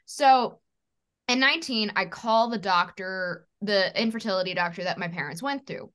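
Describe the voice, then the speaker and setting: A woman's voice: medium pitch, moderate pace, a bit bright, clear, resonant tone. A woman in her thirties, a stand-up comedian, telling her own story casually in an interview, acting out the people in it and swearing freely.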